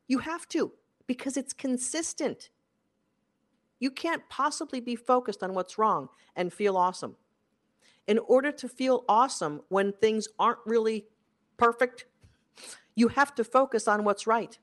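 This career coach speaks at normal speed with lively intonation, giving a forceful pep talk. Repetition drives the message home, with big jumps in loudness and pitch.

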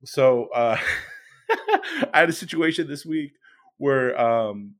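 A man co-hosting a podcast, telling a story in a casual, rambling way with many restarts. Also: medium pitch. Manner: rambling, halting, lots of fillers and restarts. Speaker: podcast co-host.

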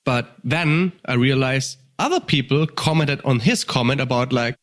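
A man with a German accent, a podcast guest telling stories in casual, animated chat, swearing and laughing, a little tipsy. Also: mid-range voice, normal speed.

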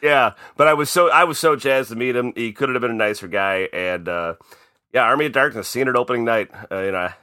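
A man from Chicago, co-hosting a casual podcast and telling stories in a lively, profane way. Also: mid-range voice, brisk, clear, resonant tone, no room sound, clean studio sound. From Chicago, USA. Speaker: podcast co-host.

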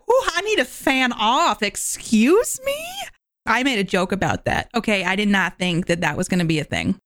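A young woman hosting a podcast, talking casually about a movie she just watched, chatty and animated with lots of filler words. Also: mid-range voice, no room sound, studio quality. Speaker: podcast host. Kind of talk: casual movie review monologue.

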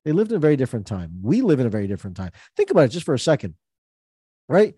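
A man's voice: medium pitch, wildly swooping pitch, very fast, dark tone, husky, dry recording, studio quality. A man hosting a motivational talk, emphatic and repeating his key points to listeners on a call. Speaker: host.

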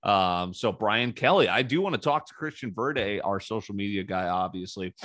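Male sports talk host, low voice, dry close sound, rambling, opinionated, sarcastic. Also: expressive, moderate pace, a bit bright, dry recording. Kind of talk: casual solo sports commentary.

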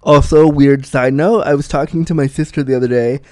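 A man's voice: mid-range voice, fairly even intonation, brisk, a little mellow, no echo. A man hosting his own vlog, talking in a chatty, enthusiastic way with frequent restarts. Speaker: vlog host. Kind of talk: casual personal monologue.

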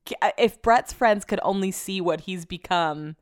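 A young adult woman talks to her listeners in a casual solo podcast recorded at home. Her voice is smooth and clear at a middle pitch. She rambles loosely from one anecdote to the next, curses casually and laughs easily. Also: normal speed. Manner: chatty, rambling, swears casually, laughs often. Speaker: podcast host.

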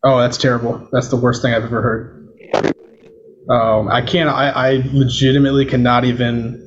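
A man talking casually over a video call, explaining audio gear as a podcast guest, with a relaxed, filler-heavy manner. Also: medium pitch, normal speed, lo-fi sound, a little hiss or hum. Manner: relaxed, chatty, lots of fillers like "you know" and "um". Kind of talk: casual explanatory chat, demonstrating microphones. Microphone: switching between webcam mic and USB condenser over a video call.

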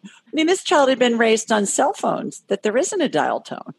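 A middle-aged woman hosting an interview, asking questions and telling anecdotes in an animated way. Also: mid-range voice, fast talker, creaky, husky, no echo. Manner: animated storyteller, acts out quoted voices. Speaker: podcast host. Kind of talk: casual interview conversation.

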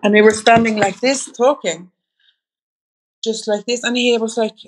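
A woman's voice: a little high, steady tone, normal speed. A woman sits for an interview and tells her story in long, loose anecdotes. She often restarts her sentences and talks in an easy, conversational way. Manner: rambling, anecdotal, frequent restarts. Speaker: interview guest.

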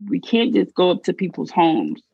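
A woman reading out her aunt's soft, concerned questions and advice in a storytelling reading. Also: fairly low pitch, wildly swooping pitch, normal speed, creaky, no echo, dull audio, heavily acted. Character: gentle concerned aunt, middle-aged woman.

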